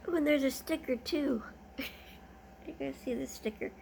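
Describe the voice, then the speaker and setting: A woman's voice: sits high, unhurried, vocal fry, darkish tone, a little hiss or hum. A woman vlogger chatting casually as she unboxes gifts, gushing and easily delighted.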